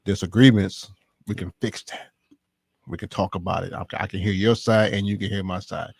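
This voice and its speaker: Laid-back lower-voiced man. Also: fairly even intonation, moderate pace, vocal fry, slightly rough, no room sound. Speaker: podcast co-host, couples coach. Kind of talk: casual chat and advice.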